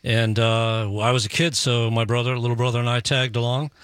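Measured male guitarist recalling his past. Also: medium pitch, level tone, a bit bright, clean tone, no room sound, studio quality. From New York City. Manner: measured recollection with fillers. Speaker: lead guitarist guest. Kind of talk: radio interview.

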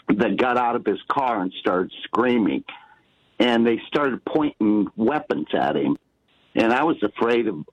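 A man from Washington State calling in to a radio show, telling a story haltingly with many pauses. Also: on the low side, no room sound. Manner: hesitant, many ums and uhs. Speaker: caller. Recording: dry, muffled phone line.

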